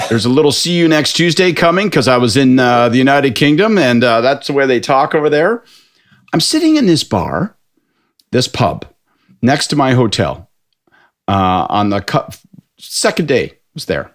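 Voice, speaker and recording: A man from Canada, a political commentator telling a profane, animated story on a podcast panel. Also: mid-range voice, normal speed. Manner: animated, profane storytelling with lots of put-on voices. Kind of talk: casual anecdote on a podcast panel.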